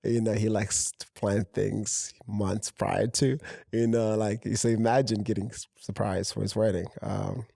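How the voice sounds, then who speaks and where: A man, a fashion house founder, telling a lively anecdote in a casual interview. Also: on the low side, a little slow, creaky, no room sound, clean studio sound. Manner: animated anecdote telling with fillers. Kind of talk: casual storytelling chat.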